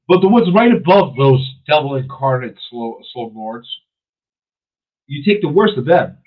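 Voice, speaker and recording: Radio host, male, husky voice on a tinny phone-like line, opinionated and emphatic. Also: mid-range voice. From New York City. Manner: emphatic, repetitive, restarts mid-sentence. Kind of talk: opinionated talk radio monologue.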